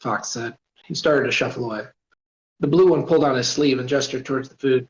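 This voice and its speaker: A man's voice: mid-range voice, brisk. Man casually reading his story aloud. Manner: casual, with asides and apologies. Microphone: voice-chat mic. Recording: roomy, dull voice-chat audio.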